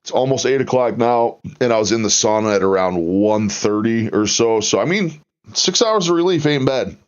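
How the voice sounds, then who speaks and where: A man's voice: medium pitch, animated, normal speed. A man hosting a livestream, chatting casually and reacting to viewers as he talks. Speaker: livestream host. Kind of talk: casual chat. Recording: lo-fi stream audio.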